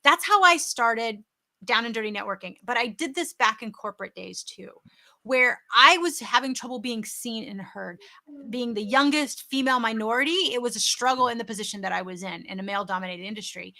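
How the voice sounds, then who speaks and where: Bright upbeat woman host. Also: on the high side, fairly quick, gravelly. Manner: upbeat, effusive, storytelling. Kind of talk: virtual interview chat.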